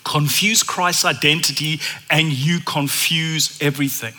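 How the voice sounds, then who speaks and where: A man preaching a conversational, animated sermon in a church. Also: on the high side, a little slow.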